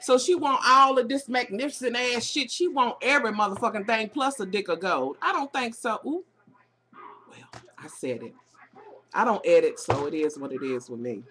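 A woman's voice: fairly high pitch, expressive, normal speed, pushed and bright. Profane sassy Southern woman ranting. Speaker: vlogger. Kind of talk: casual reality TV rant. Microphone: webcam.

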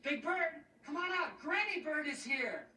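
A man's voice: extremely high pitch, expressive, unhurried, pushed and bright, heavily acted. A man playing a cheerful friendly neighbor, calling out eagerly in a children's TV show. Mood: excited. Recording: clip played back far off in an echoey room.

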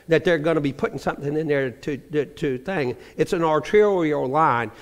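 A man's voice: a little high, moderate pace. An older man telling a humorous personal testimony in a church, acting out the people in his story. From Virginia. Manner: storytelling with acted-out quotes, humorous. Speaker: church member giving testimony. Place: church sanctuary. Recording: reverberant church sanctuary.

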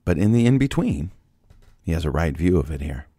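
Man with a super deep husky voice doing a devotional bible talk, chatty, lots of questions to listeners, dry close mic. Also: big pitch swings, fairly quick, dark tone, no echo. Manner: conversational, rhetorical questions, restarts. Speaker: Bible podcast host.

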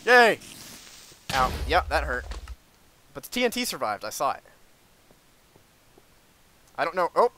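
Man, gameplay host, casual chat, excitable, bright tone, faint noise. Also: on the high side, normal speed, pauses often. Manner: excitable, bursts into shouts and laughter. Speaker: let's play host.

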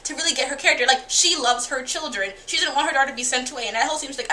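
A woman's voice: sits high, fast, hardly any pauses, bright, forceful tone, a little hiss or hum. A woman giving a casual, candid and profane spoken review of TV episodes, often acting out the characters' lines. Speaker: TV show reviewer.

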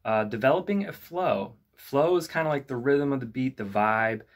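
A young man who teaches rap at a youth club, explaining lyric writing in a relaxed, conversational way full of "you know" and "kinda". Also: medium pitch, normal speed. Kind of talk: casual instructional talk to camera.

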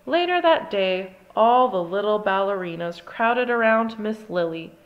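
A woman's voice: mid-range voice, a little slow, lo-fi sound. Woman reading a children's storybook. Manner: gentle, expressive narration. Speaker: storybook reader. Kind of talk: children's storybook read-aloud.

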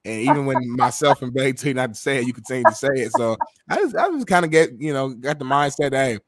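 A man co-hosting a sports talk show, talking rapidly in a casual, chatty way. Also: mid-range voice, animated, dry recording. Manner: rapid and talkative, defends himself at length. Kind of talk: casual chat.

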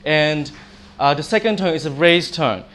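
A man with a slightly high voice giving an informal language lesson to a group. He demonstrates each sound aloud, friendly and plain. Faint noise sits under the recording. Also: lively intonation, normal speed, a bit bright. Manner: friendly, demonstrates tones by example. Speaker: language teacher.

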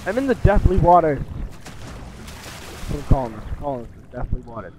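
A young man commentating his own game playthrough, excitable and swearing, shouting at the screen. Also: a little high, fast talker, long pauses, background noise. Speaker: gaming video host. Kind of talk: let's play commentary.

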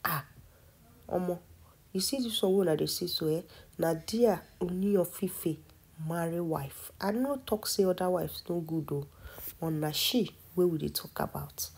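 Emphatic Nigerian Pidgin-speaking woman, husky. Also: lowish voice, normal speed, a little mellow. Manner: repetitive, emphatic, admiring. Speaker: vlogger. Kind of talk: casual Pidgin commentary vlog.

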